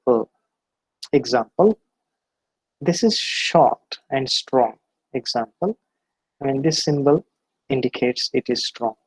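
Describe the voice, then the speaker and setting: A man lecturing on phonetics, slowly and deliberately sounding out example words. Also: medium pitch, darkish tone, no echo, low-quality recording. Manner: slow, deliberate, repeats example words aloud. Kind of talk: classroom lecture on pronunciation.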